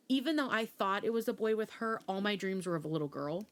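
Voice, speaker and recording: A woman's voice: mid-range voice, animated, fast. A young adult woman co-hosting a podcast, telling a story in casual chat and acting out quoted lines. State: pregnant. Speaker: podcast co-host.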